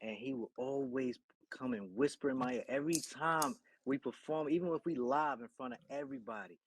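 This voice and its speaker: A man's voice: mid-range voice, animated, fairly quick, vocal fry, breathy edge, low-quality recording. A man casually reminiscing, laughing and acting out what a friend used to say. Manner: laughing, acts out quotes. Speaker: group member reminiscing. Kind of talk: casual storytelling. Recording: loud background noise.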